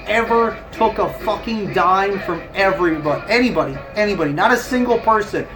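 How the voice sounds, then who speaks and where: A man livestreams in a high-pitched voice, talking fairly quickly with few pauses as he chats and rants, swearing heavily and laughing often. Music plays in the background of the low-quality recording.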